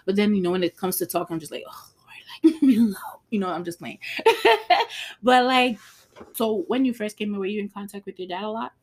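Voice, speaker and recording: A woman's voice: medium pitch, very animated, a little fast. A woman co-hosting a faith podcast in casual chat, laughing often and acting out her parents' lines. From abroad, moved to the US. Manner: laughs often, quotes family in voices. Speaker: podcast co-host.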